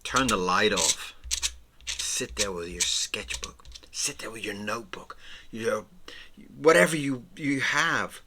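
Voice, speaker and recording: Slow, soft-spoken male art teacher. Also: fairly low pitch. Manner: soft-spoken, often drops to a whisper; playful, encouraging. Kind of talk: relaxed drawing tutorial.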